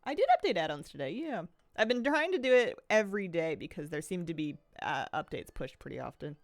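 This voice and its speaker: Lowish woman streamer w a slight lisp, rambling chatty gaming talk, dry close sound. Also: big pitch swings, brisk, no echo. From Pacific Northwest of the US. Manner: rambling and chatty, with frequent sighs and soft laughs. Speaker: game streamer. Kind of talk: casual chat while gaming.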